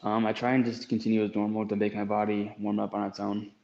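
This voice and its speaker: A man's voice: on the low side, monotone, fast talker, creaky, darkish tone, roomy sound, lo-fi sound. A man from the United States answering interview questions in a hesitant way, with many fillers. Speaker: guest athlete.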